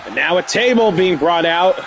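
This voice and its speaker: A man streaming live, calling a wrestling video game play by play. He yells, swears and laughs at the action. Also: sits high, expressive, normal speed, crowd noise, background noise. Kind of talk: excited live play-by-play commentary.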